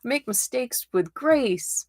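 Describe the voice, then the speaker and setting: A woman's voice: on the high side, expressive, slow pace, a little mellow, dry recording, studio quality. A middle-aged woman from Florida, a tarot reader chatting casually on her livestream and laughing often.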